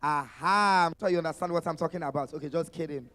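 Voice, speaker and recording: With a slightly high, somewhat bright voice, a Nigerian-accented host animatedly emcees an expo panel, talking quickly with few pauses. He teases his guests playfully and hypes them up in a sing-song way, in a large hall with music playing.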